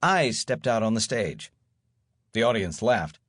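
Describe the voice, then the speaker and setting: A man's voice: lowish voice, a little slow, no echo. A man narrating an audiobook in the first person, with wry, dry storytelling.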